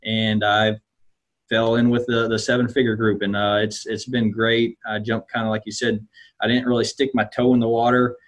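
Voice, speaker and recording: A man with a low, level voice talks through his career path in real estate. His speech is loose and rambling, full of fillers and restarts, and his pitch barely rises or falls. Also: little pitch movement, normal speed. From United States. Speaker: real estate investor guest. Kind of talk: casual conversation.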